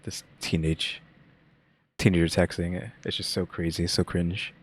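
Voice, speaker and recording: A man's voice: low-pitched, steady tone, unhurried, breathy edge. A young man hosting a reaction video, talking casually and musing aloud with lots of fillers. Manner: rambling, musing, many fillers.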